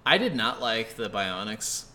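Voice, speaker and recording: A man's voice: fairly low pitch, sing-song, a little slow, sharp tone. A man co-hosting a video game podcast, chatting casually in a laid-back, rambling way with lots of fillers. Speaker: podcast co-host. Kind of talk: casual game review chat.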